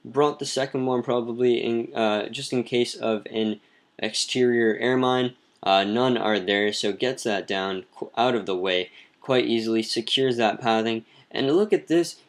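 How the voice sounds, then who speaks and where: A man casually narrating replays of mobile game attacks as clan leader, with lots of ums and restarts. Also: medium pitch. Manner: relaxed, filler-heavy, self-correcting. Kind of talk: casual gameplay commentary.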